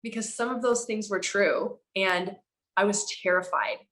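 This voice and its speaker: A woman's voice: mid-range voice, unhurried, poor audio. A woman guest on a podcast telling personal stories candidly, acting out the dialogue she quotes, with many "like"s and the odd swear word. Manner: animated, acts out quoted dialogue, frequent "like"; speaks frankly, with casual swearing. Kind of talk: candid conversational storytelling.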